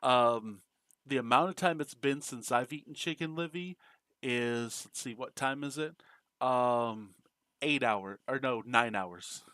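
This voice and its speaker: Man, streamer, joking chat, bright voice, dry close sound. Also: medium pitch, measured pace, dry recording. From United States. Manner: joking, chatty, laughs often, reads chat aloud. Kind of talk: casual live-stream chat while gaming.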